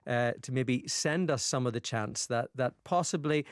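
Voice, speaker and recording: A man's voice: mid-range voice, moderate pace, no room sound. A Northern Irish man presenting on the radio in casual studio chat, jokey and self-mocking.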